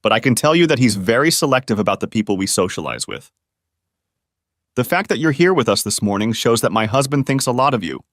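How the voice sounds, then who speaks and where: A man's voice: medium pitch, animated, brisk, a bit bright, no echo, studio quality, lightly acted. A man voicing a sympathetic adult woman friend in a storybook audio reading, speaking earnestly. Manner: earnest, supportive.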